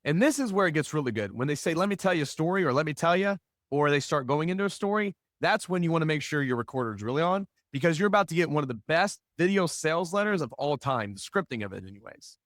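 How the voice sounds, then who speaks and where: A man's voice: on the high side, expressive, fast talker, fairly bright tone, no echo, clean studio sound. A middle-aged man giving a business talk, telling stories with lots of rhetorical questions and acted-out quotes. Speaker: business speaker. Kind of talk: animated storytelling talk.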